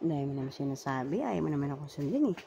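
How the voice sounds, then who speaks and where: A woman's voice: low-pitched, lively intonation, racing, creaky, noisy background. A woman with a Filipino accent, coaxing and encouraging a small child in a home video. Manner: sing-song, coaxing and encouraging. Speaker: caregiver teaching a toddler.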